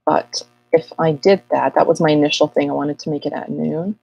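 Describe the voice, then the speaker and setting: Woman host of a live astrology Q&A; low, slightly husky voice, loose rambling delivery, dry recording. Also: steady tone, a little fast, dark tone, no room sound, dull audio. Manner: chatty, rambling, self-mocking. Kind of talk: casual livestream chat.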